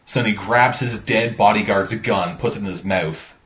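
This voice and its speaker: A podcast co-host chats casually about a movie in a lowish, fairly bright voice at a moderate pace. He rambles, swears a lot and acts out quotes from scenes, all on a dull lo-fi recording.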